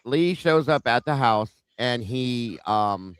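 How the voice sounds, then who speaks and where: A man hosting a casual podcast, retelling a story in a relaxed, slangy way. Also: medium pitch, takes it slowly, clean tone, dry recording. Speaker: host.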